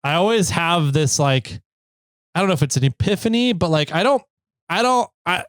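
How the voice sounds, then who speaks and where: A man hosts an off-road podcast, telling stories in a rambling, easygoing way with plenty of fillers. His voice sits a bit high for a man. The sound is dry and close. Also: animated, normal speed, clear, resonant tone, no room sound. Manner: rambling, filler-heavy, laughs easily. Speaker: podcast host. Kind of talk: casual podcast storytelling.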